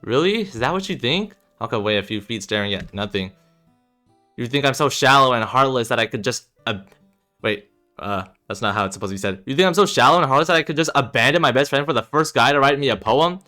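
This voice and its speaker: A man's voice: lowish voice, animated, brisk, pushed and bright, soft background music. A man reading aloud as an emotional young woman who is a devoted best friend, pleading with a voice that rises when she is upset.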